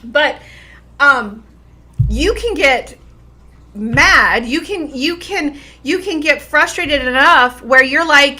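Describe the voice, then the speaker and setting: A woman's voice: high voice, lively intonation, slow pace, sharp tone. A middle-aged woman health coach giving an earnest, emphatic motivational talk to her viewers. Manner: earnest and emphatic, with repeated phrases.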